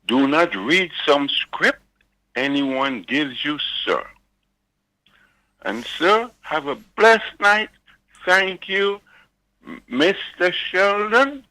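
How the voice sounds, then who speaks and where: A man's voice: on the high side, expressive, very slow, pauses often, sharp tone, rough recording. An older man calling in to a radio show, pleading earnestly and repeating "sir". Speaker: caller. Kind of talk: pleading call-in remarks.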